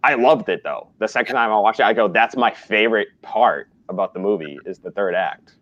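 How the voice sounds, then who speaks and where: A man's voice: lowish voice, brisk, fairly bright tone, dry recording. A man, a movie critic, chatting casually on a livestream in a laid-back, rambling way. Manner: laid-back, rambling with fillers like "you know". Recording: slightly muffled lo-fi audio.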